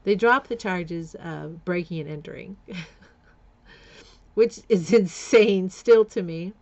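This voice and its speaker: A woman's voice: lowish voice, slow pace, darkish tone, dull audio. A middle-aged woman telling a personal story on her vlog, candid and blunt, often laughing between lines. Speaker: vlogger.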